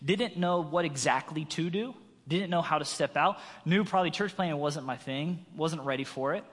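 A man's voice: on the high side, moderate pace. A man in his thirties preaching a sermon, telling a personal story and acting out quotes with a raised voice. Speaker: guest preacher. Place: church sanctuary. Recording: long reverb of a large hall.

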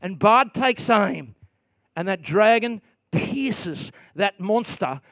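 Middle-aged male pastor, high-pitched, dry close sound, storytelling sermon with shifts from quiet to loud. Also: expressive, takes it slowly, no room sound. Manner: storytelling, swings from quiet asides to loud bursts.

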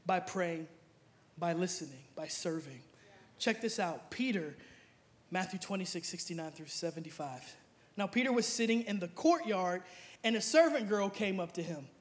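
A young adult man preaching a sermon, playful and joking, acting out Bible figures in casual slang. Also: high voice. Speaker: pastor.

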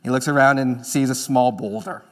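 A pastor preaching a sermon in an earnest manner, moving between emphatic lines and hushed ones. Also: male voice, mid-range voice, steady tone, normal speed.

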